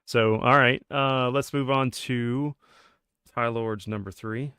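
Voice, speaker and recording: A man's voice: mid-range voice, fairly even intonation, slow pace, bright, forceful tone, clear, resonant tone, dry recording, studio quality. A man hosting a podcast, chatting casually and moving the show along. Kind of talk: casual chat.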